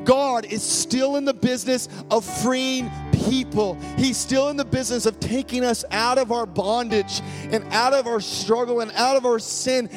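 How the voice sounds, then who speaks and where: A man preaching a sermon as pastor, emphatic, repeating key phrases and swinging between loud and hushed. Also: very high voice, normal speed, few pauses, music in the background.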